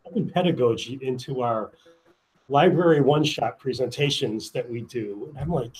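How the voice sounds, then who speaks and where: A man's voice: medium pitch, normal speed, darkish tone, breathy edge, faint music behind, low-quality recording. A man, a librarian, introducing himself casually and musing hesitantly with many fillers.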